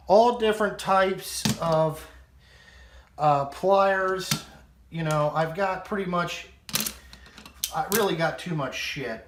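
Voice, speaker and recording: Man, 30s, high voice, unhurried, blunt and foul-mouthed, casual vlogger in an echoey room. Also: background noise. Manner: blunt and profane, rambling. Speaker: vlogger showing his toolbox. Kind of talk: casual show-and-tell.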